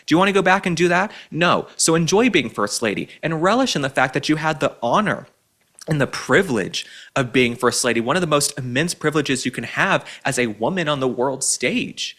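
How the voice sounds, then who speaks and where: Animated, sarcastic male political commentator. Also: mid-range voice, moderate pace. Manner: sarcastic, mocking, indignant. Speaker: host.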